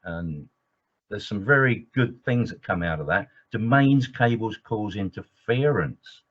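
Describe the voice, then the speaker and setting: Low-voiced man giving an enthusiastic webinar lecture. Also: lively intonation, measured pace. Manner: enthusiastic, digressive, with many fillers. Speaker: trainer and EMC engineer. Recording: dull lo-fi webinar audio.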